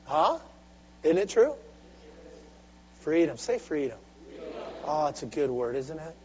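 A man preaching a sermon with call-and-response, swinging from soft, intimate asides to loud, driving exhortation. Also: on the high side, sing-song, slow. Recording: dull lo-fi recording with faint hum.

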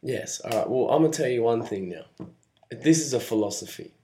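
Joking podcast co-host, echoey room. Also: male voice, medium pitch, animated, brisk, warm tone. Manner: teasing, joking interjections. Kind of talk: casual chat.

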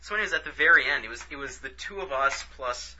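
A man casually telling a story as a podcast co-host, animated and profane. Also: mid-range voice, fast talker, a little hiss or hum. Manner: animated, profane, acts out quotes. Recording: dull lo-fi recording.

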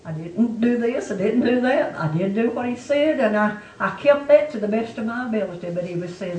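Woman preaching, kinda high voice, repeats herself for emphasis, echoey church, mic far away. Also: lively intonation, a little fast, hardly any pauses, a little mellow, a little hiss or hum. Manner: testifying preacher, emphatic and repetitive. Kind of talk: sermon.

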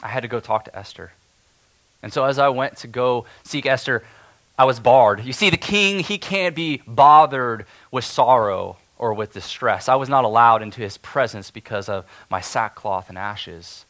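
A man performing a dramatic first-person biblical monologue as a steadfast, defiant elder, earnest and stirring, swinging between loud declarations and hushed tension. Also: mid-range voice, normal speed. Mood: grieving.

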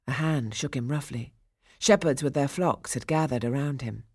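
A woman narrating a storybook audiobook in a slow, expressive, dramatic reading. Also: rumbling low, breathy edge, no echo, clean studio sound.

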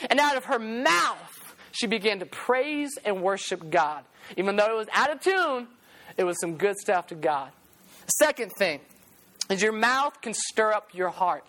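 A man's voice: very high-pitched, moderate pace. Young guy preaching, really passionate, acts out the people in his stories. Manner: passionate, animated storytelling with acted-out quotes. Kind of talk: sermon.

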